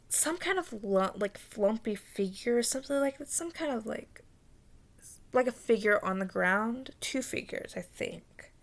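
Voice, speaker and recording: Young woman with a gravelly fry. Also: medium pitch, fairly bright tone. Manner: rambling, halting, full of fillers, dips into whispers. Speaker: vlogger recounting a dream. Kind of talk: casual storytelling.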